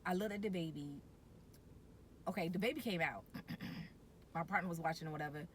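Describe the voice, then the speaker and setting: Woman, casual birth story vlog, low-ish voice, lively delivery, faint background rumble. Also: moderate pace. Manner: animated, shifts to high excited voice when quoting herself. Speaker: vlogger telling her birth story.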